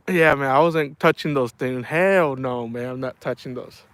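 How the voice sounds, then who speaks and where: A man's voice: mid-range voice, measured pace, fairly bright tone, no room sound. A middle-aged man chatting casually on a livestream, telling rambling stories and saying "man" a lot. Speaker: livestream host.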